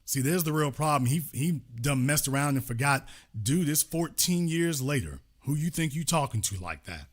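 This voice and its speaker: A man's voice: on the high side, expressive, normal speed, hardly any pauses. A man hosting a show who delivers a political commentary monologue in an emphatic, repetitive, preaching manner. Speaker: host.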